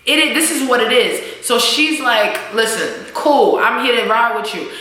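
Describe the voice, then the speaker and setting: A woman's voice: on the high side, moderate pace. A young woman vlogger recapping a TV episode in casual, slangy talk, acting out the characters' lines as she goes. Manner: animated, acts out characters' lines while recapping; slangy, swears freely. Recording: very echoey room.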